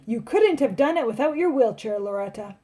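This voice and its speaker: A woman's voice: a little high, lively intonation, brisk, mellow, lightly acted. A woman reading a children's story aloud, voicing an emphatic, proud father. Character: father, a man, loud and proud.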